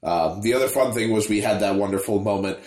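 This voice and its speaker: A man's voice: fairly low pitch, quick pace, a little mellow. A man co-hosting a casual podcast chat and telling stories about tabletop games, with frequent restarts. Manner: storytelling, with restarts. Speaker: podcast co-host and tabletop player. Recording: roomy echo.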